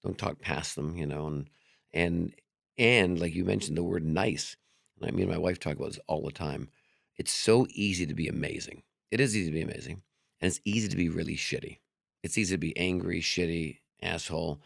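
A man's voice: low voice, fairly quick, gravelly, no echo, studio quality. A man speaking as a magician and comedian guest on a casual interview show, telling stories candidly with some swearing and acting out the dialogue of the people in them. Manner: animated storyteller who acts out quoted dialogue.

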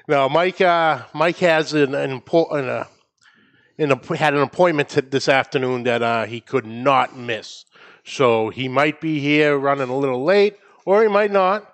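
A man's voice: medium pitch, measured pace. A man with a New England accent hosting a barbecue podcast in a studio, upbeat and playful, laughing often. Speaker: podcast host. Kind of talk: casual podcast chat.

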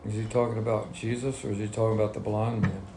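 Leading a Bible study, a man reads scripture and then explains it in plain, everyday talk. His low, gravelly voice has a warm tone and flat delivery, and he speaks fast. The room echoes, with a faint hum in the background.

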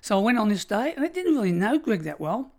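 A middle-aged Australian man, a former prison officer, telling stories in an interview in an emphatic, measured way. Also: high voice, very animated, darkish tone. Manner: emphatic, measured storytelling, colloquial. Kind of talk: storytelling interview.

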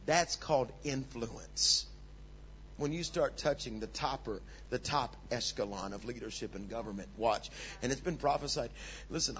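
A man preaching a sermon, swinging from low, hushed asides to loud, urgent peaks. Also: highs cut off, a little hiss or hum. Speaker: pastor.

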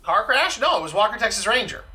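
Bright, lively-voiced man chatting. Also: high-pitched, quick pace. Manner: animated, breaks into loud impressions while retelling bits. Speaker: podcast co-host. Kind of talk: casual chat.

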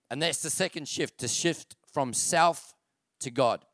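A man's voice: a little high, unhurried, fairly bright tone, dry recording, studio quality. A man preaching a sermon as a pastor. He drives his points home by repeating phrases and putting rhetorical questions to the congregation. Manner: emphatic preaching, repeats key phrases for stress. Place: church.

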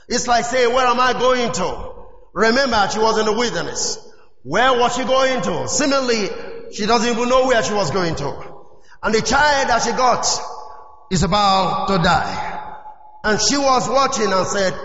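A man's voice: very high-pitched, a bit bright. A male preacher giving a fervent sermon, often asking the congregation if they are following him. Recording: echoey hall, dull lo-fi sound.

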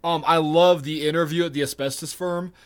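A man's voice: on the high side, fairly even intonation, fairly quick. A man co-hosting a podcast in casual chat, stammering through restarts, laughing often and joking crudely. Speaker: podcast co-host.

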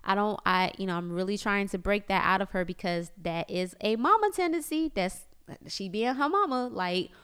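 A woman in her thirties talking casually to her viewers about parenting, animated and chatty, often slipping into voices of her family. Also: medium pitch, moderate pace, clean tone. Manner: chatty and animated, mimics family members, lots of "like". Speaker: parenting vlogger. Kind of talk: casual confessional chat.

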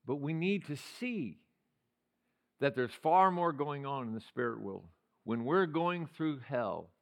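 An older male pastor preaching a sermon in a church, swinging from loud shouted passages to quiet, conversational storytelling. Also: mid-range voice. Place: church sanctuary.

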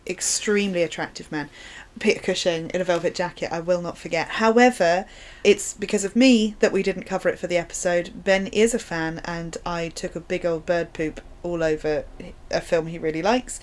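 A woman's voice: fairly low pitch, steady tone. Playful woman hosting a film podcast. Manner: chatty, playful, quick to laugh. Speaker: podcast co-host. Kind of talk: casual film discussion.

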